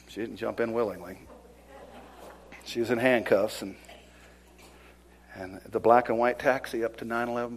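A man preaching a fiery sermon in church, swinging between loud emphatic declarations and hushed whispers. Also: mid-range voice, breathy edge. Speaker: pastor. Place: church service.

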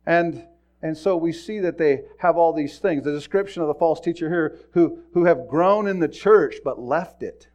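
A man preaching a sermon as pastor, retelling a story with swings from hushed to loud. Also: on the high side, normal speed.

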